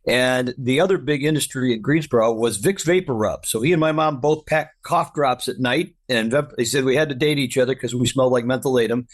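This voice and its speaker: A man's voice: mid-range voice, brisk, few pauses. Upbeat middle-aged man, grateful guest. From United States. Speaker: podcast guest. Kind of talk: casual conversation.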